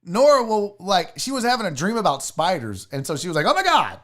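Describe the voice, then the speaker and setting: A man's voice: sits high, brisk. A man spins a personal story on his casual show, his voice rising and falling widely. He talks loosely, with restarts and the odd curse word. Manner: animated storyteller who swears casually. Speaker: sports show host.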